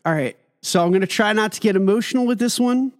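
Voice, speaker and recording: A man's voice: high-pitched, fast. A man co-hosting a podcast, telling a story in a jokey, teasing way. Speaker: podcast co-host. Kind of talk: casual podcast chat. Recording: long reverb.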